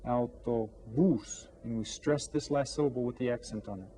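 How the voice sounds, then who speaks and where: A man teaching an elementary language lesson, drawing out each new word slowly and coaxing the class with friendly questions. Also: mid-range voice, warm tone, slight background noise. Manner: slow, drawn-out repetition of vocabulary for students. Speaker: Spanish teacher.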